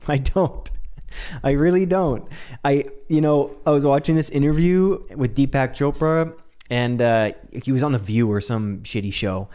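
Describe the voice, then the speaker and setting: A man's voice: medium pitch, unhurried, dark tone, smooth. A man hosting a solo podcast, talking casually and animatedly, laughing often and swearing now and then. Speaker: podcast host.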